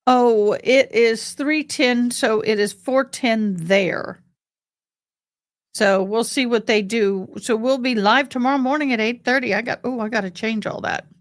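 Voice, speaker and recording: A middle-aged livestream host with a voice on the high side talks a little slowly, chatting casually with live viewers and addressing them as "honey" and "boo." The recording is clean studio sound without any room sound.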